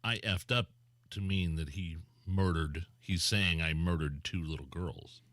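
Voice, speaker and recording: A male talk radio co-host with a deep voice that still has a bright, forceful edge. He chats casually and cuts in with short reactions from the studio. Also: no room sound. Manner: conversational, chimes in with quick reactions. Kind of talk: casual on-air chat. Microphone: studio microphone.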